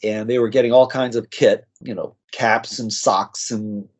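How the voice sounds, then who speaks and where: An American man, a nurse practitioner, telling animated stories as a podcast guest and acting out the people he quotes. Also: on the low side, unhurried. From United States. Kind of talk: storytelling in an interview. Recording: slightly dull lo-fi audio.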